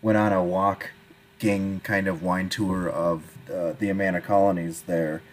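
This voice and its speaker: A man co-hosting a casual podcast, dry and laughing often, with halting restarts. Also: low voice, flat delivery. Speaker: podcast co-host. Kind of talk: casual chat over drinks.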